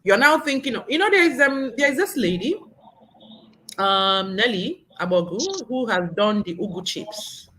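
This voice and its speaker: A woman hosting an interview show, effusive and animated, laughing often as she talks. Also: on the high side, unhurried, a little hiss or hum, low-quality recording. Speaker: talk show host.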